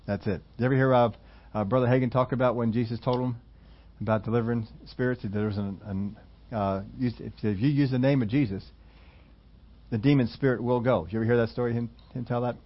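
Pastor guy preaching casual, chuckles a lot, gets loud on the quotes, dull muffled audio. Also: mid-range voice, fairly even intonation, fast. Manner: conversational storytelling, laughs between points, bursts into loud emphatic quotes. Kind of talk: sermon.

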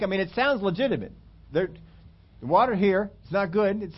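A man preaching a sermon, acting out whiny complaining questions, then dropping low and slowing for emphasis. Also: expressive. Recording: dull lo-fi sermon recording.

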